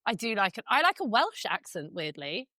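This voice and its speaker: A woman co-hosts a podcast in a mid-range voice with big pitch swings, a sharp tone, and a slightly fast pace, on a dry recording. Her casual chat is frank, giggly, and talkative.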